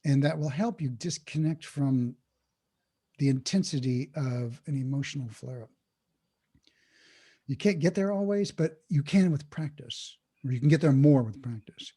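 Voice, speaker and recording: Husky-voiced man explaining mindfulness. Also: medium pitch, normal speed. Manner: animated, acts out inner thoughts in quotes. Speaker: guest on speaking podcast, mindfulness teacher. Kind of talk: podcast interview talk.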